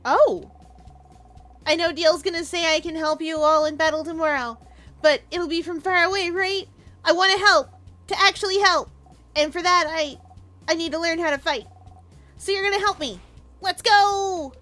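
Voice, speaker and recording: A woman doing a loud, whiny little kid. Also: extremely high pitch, normal speed, pauses often, faint music behind, voice pushed up. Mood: eager. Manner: shouty, whiny, stammering. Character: loud bratty young kid, fiery but scared.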